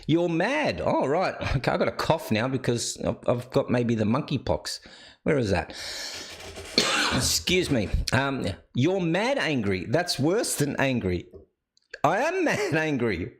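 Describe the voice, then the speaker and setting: A man's voice: mid-range voice, wildly swooping pitch, a little slow. An Australian man hosting a live chat show and reading viewer comments aloud. He keeps breaking into laughter. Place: indoors.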